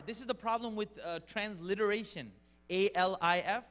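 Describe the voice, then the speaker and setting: Lively storytelling man, slightly high voice. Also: moderate pace. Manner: animated, mimics sounds and voices, teases the crowd. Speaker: Quran teacher and speaker. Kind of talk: lively storytelling lecture to an audience.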